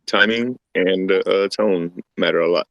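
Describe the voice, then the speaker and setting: Gravelly deep-voiced man, slow and folksy. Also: a bit bright, no echo, lo-fi sound. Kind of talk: casual chat.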